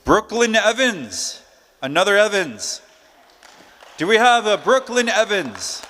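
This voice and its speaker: A man with a high, light voice calls out prize winners at a live conference. He speaks in a loose, joking, chatty way. His voice rings with a long reverb from the big hall around him. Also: big pitch swings, slow pace, bright, forceful tone, some chatter behind, slight background noise. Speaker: emcee drawing prize winners.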